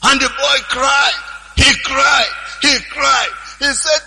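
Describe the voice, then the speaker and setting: A man preaching a sermon, retelling a story with animated repetition. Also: extremely high pitch, takes it slowly, vocal fry, long reverb tail, rough recording. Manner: animated storytelling, repeating lines for emphasis.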